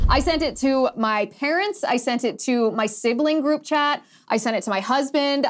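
A young adult woman hosting her own show in a sarcastic, quick, animated monologue. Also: on the high side. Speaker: podcast host. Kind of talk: casual monologue.

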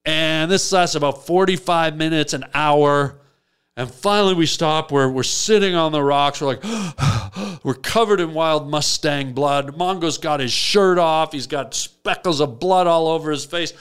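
A man hosting a comic call-in show, telling absurd stories in a deadpan rambling way. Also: a little high, unhurried, clear, resonant tone. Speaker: radio call-in host. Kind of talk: comic radio storytelling.

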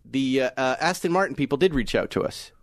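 A middle-aged man from Massachusetts co-hosting a casual car talk podcast, telling stories with animated enthusiasm. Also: medium pitch, fast, no echo, studio quality. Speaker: podcast co-host.

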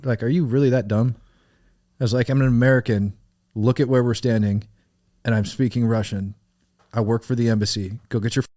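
A middle-aged man telling a wild story in casual podcast chat, animated and profane, laughing as he goes. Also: medium pitch. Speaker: podcast guest.

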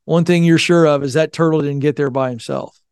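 Guest author, middle-aged man, earnest folksy storyteller, fairly high and clear. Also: steady tone, fairly quick, darkish tone, no room sound, studio quality. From Virginia, Tidewater area. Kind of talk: storytelling in a podcast interview.

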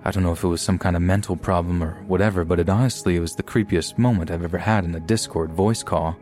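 Deep-voiced man narrating horror stories. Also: steady tone, fast talker, a little mellow. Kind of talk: scripted horror story narration. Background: faint background music.

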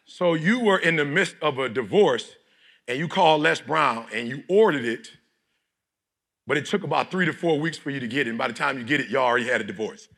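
A middle-aged man from Detroit giving a preachy motivational speech to a live audience, often shouting and leading call-and-response. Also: mid-range voice, a little fast, vocal fry. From Detroit, United States. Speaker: motivational speaker.

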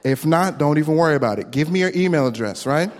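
A man doing a stand-up comedy set, telling a story with quick voice impressions into a handheld stage mic at a live venue. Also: on the high side, animated, darkish tone, some chatter behind. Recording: long hall reverb, faint room noise.

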